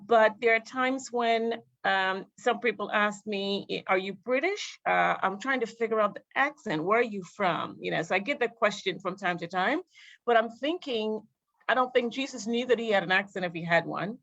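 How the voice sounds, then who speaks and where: A woman's voice: medium pitch, normal speed, a bit bright, muffled recording. A woman panelist in a casual discussion, musing aloud in a reflective way.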